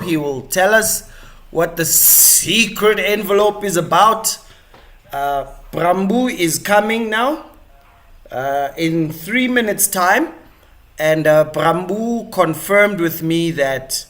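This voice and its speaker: A man's voice: fairly high pitch, fairly bright tone. A male live-stream host giving chatty, rambling commentary with many fillers and restarts.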